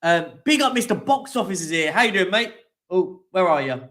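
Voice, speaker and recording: Casual male streamer, high-pitched, loose and chatty, reads lists and greets viewers. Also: lively intonation, normal speed. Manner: chatty, reads out team lists and shout-outs. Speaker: streaming show host. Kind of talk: casual live-stream chat.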